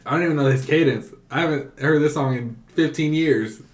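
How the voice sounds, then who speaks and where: Man with a slightly high voice, laughing often. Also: fairly quick, slight background noise. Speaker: podcast co-host. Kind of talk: casual podcast chat. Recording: echoey room.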